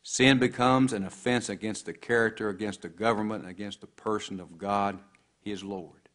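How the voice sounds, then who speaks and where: A man's voice: fairly low pitch, steady tone, moderate pace, fairly bright tone. A man preaching a sermon, quoting scripture with rising and falling emphasis.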